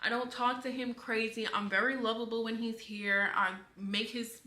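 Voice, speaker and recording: A woman's voice: fairly high pitch, level tone, moderate pace, bright, forceful tone. A young woman explaining her side as a stepmother, sounding hurt and defensive, her speech full of "like". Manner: hurt and defensive, many "like" fillers. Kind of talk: personal explanation video. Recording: echoey room.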